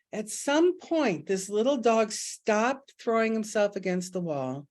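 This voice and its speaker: Slow-talking folksy woman teaching. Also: on the high side. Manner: folksy and expressive, calls listeners "honey". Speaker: spiritual teacher leading an online group. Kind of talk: casual spiritual talk. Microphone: video call.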